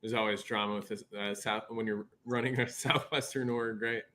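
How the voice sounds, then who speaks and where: Upbeat podcast host on a call. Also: male voice, lowish voice, fairly even intonation, moderate pace, sharp tone. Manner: upbeat, friendly, asks chatty questions. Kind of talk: casual interview chat. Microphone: remote call.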